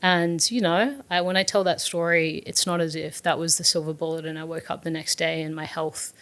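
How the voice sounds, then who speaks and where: Aussie woman, low and a bit gravelly, earnest storytelling as a guest, lots of ums and restarts. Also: steady tone, a little fast, a bit bright. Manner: earnest and open, with frequent fillers and restarts. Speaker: guest, startup founder. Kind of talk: reflective storytelling in an interview.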